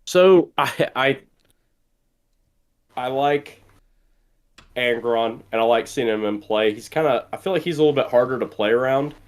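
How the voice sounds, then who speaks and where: A man's voice: medium pitch, moderate pace, long pauses. A man with a Southern US accent co-hosting a casual gaming chat, laid-back and opinionated. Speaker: podcast co-host.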